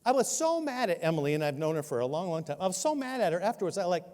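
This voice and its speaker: A man's voice: sits high, rapid-fire, few pauses. Older male pastor preaching in a hall. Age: 60s. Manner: storytelling, self-mocking humor, animated. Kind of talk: sermon. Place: church sanctuary. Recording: long hall reverb.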